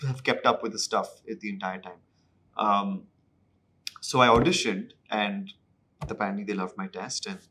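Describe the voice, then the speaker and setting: A man, an actor telling anecdotes in an interview in an animated, self-deprecating way. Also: fairly low pitch, a little hiss or hum. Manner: animated, acts out dialogue in other voices; self-deprecating, mixes in Hindi phrases. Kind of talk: anecdotal storytelling.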